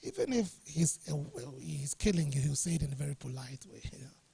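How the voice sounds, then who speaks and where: In a studio or workshop room, a middle-aged guest speaker from Ghana entertains a workshop audience with anecdotes, chuckling often. He talks briskly in a warm, highish voice with vocal fry and big swings in pitch.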